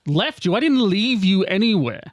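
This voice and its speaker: A man's voice: sits high, sing-song, normal speed, no echo. A man playing a tabletop role-playing game, talking in character in a defensive, heated and emphatic way. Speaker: player.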